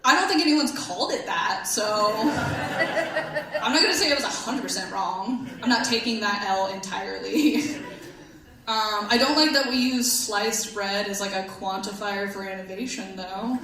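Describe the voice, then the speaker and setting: A young woman in her twenties doing a stand-up comedy set on a club stage into a handheld mic, chatty and self-deprecating with a deadpan edge. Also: mid-range voice, unhurried. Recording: echoey club room, faint hum.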